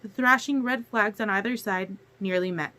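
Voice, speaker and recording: A woman narrating a novel chapter aloud in a steady storytelling manner. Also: mid-range voice, normal speed. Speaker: audiobook reader. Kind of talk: audiobook narration.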